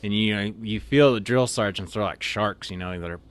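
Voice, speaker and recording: A man's voice: on the low side, a little fast, clean tone. A man who is an officer candidate, telling army stories in a rambling, laughing way with many restarts. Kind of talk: casual storytelling in an interview.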